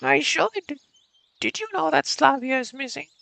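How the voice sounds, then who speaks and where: A man voicing a stern older woman camp leader in a high, strained old-lady voice. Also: expressive, measured pace, gravelly, pushed and bright, dry recording, exaggerated voice.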